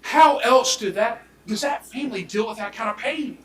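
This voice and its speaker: A man delivers a prosecutor's closing argument, speaking emphatically and swinging between loud declarations and hushed near-whispers. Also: very high-pitched, moderate pace, slight background noise. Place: courtroom. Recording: echoey courtroom audio from far off.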